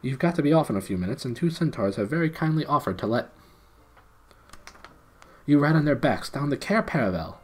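A man voicing a polite, helpful young male fawn in a storybook, with a gentle courteous manner. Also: medium pitch, animated, a little fast, long pauses, slightly rough, pitched above the performer's own voice.

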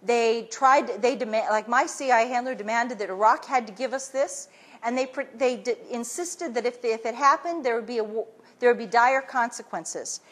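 A woman speaks to an audience at an event, her voice high and a little husky. She tells her story with energy, acts out other people's lines as she quotes them, and often restarts her sentences as she goes. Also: moderate pace. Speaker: speaker giving a talk. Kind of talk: animated storytelling talk to an audience.

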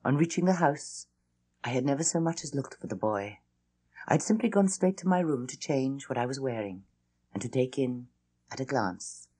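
A woman reading a classic ghost story aloud, with an intense, expressive storytelling manner. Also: extremely low pitch, breathy edge. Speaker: audiobook reader. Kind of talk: dramatic audiobook narration.

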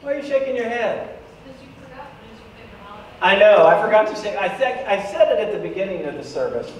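A man with a fairly high voice preaches a sermon in a church sanctuary, animated and quick to drop a joke to his listeners. The room is very echoey, and he sounds a little distant from the mic, with a faint hiss behind him. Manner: lively, joking asides to the congregation. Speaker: pastor. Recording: echoey church hall, voice from afar, faint noise.

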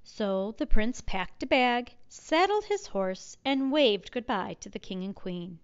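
A children's librarian reads a picture book aloud with lots of expression, acting out sneezes and rain sounds. Her voice is fairly high, slow and very lively in pitch. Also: smooth, lo-fi sound. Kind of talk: children's storytime read-aloud.

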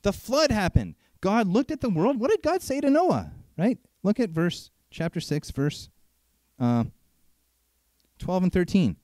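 A man preaching a sermon in an animated, conversational way, asking frequent rhetorical questions. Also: high voice, a little slow, dry recording.

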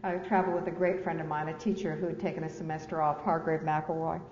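A woman's voice: sits low, flat delivery, fast, darkish tone. A woman author reading from her memoir to an audience, with candid, self-deprecating asides and laughter. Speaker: author and speaker. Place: large lecture hall. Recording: echoey hall, dull lo-fi sound, faint hiss.

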